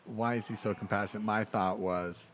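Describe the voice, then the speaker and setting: A man co-hosting a podcast, talking about films in a casual, rambling way, excited and often restarting his sentences. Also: lowish voice, normal speed. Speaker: podcast co-host. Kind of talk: casual film discussion.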